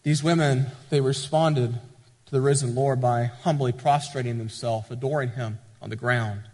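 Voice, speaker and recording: A man's voice: mid-range voice, fairly even intonation, normal speed, darkish tone, in a large hall. A male pastor, preaching a sermon with rising emphasis and frequent repetition.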